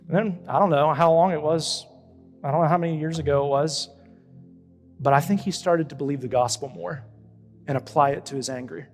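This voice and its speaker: A younger man, a pastor, preaching a conversational sermon with animated stops and restarts. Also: on the high side. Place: church auditorium. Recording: church hall with long reverb.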